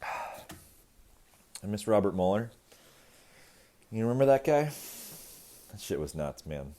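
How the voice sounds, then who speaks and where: Male comic, low register, wide swings in pitch; casual, profane rehearsal routine with quick character bits. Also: very animated, mellow. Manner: swears casually, laughs at own jokes. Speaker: stand-up comedian. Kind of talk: stand-up comedy routine. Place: rehearsal space.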